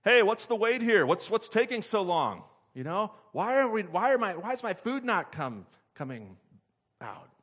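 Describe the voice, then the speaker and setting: A man voicing a grumpy, overworked waitress who complains loudly and bickers with coworkers. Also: big pitch swings, moderate pace, full character voice. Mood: impatient. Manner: shrill, complaining.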